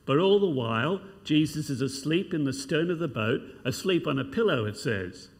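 A man's voice: fairly high pitch, animated, moderate pace. A man preaching a sermon, asking rhetorical questions and reading scripture passages aloud. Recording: long hall reverb.

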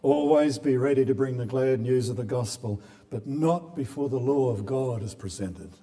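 Man, sermon delivery, earnest, mellow tone, echoing church hall. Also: medium pitch, normal speed. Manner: earnest, repeats words when building a point. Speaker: preacher. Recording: long hall reverb.

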